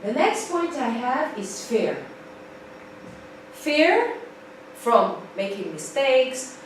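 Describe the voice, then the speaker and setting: A woman teaching an English class in a lively way, repeating key points for emphasis. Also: sits high, a little slow. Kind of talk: live class lecture. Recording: distant mic, very echoey room, faint noise.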